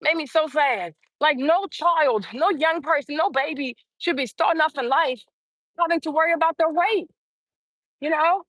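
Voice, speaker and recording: Speaking straight into her phone on a casual live stream, a woman in her forties with a high voice is blunt and animated, repeating phrases to drive her points home. She talks at a moderate pace, and the sound is close and dry with no room sound.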